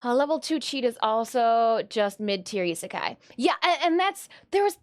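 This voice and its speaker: A woman's voice: a little high, lively intonation, moderate pace. A woman from Michigan chatting casually on a live stream, reading viewer comments in a rambling, giggly way. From Michigan, USA.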